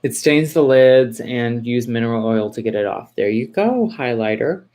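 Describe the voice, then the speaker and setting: A Texan woman in her forties runs a laid-back livestream, speaking directly to viewers, reading their comments out loud, and responding with warm reassurance. Her talk rambles, full of fillers and restarts, in a rumbling low voice at a normal pace.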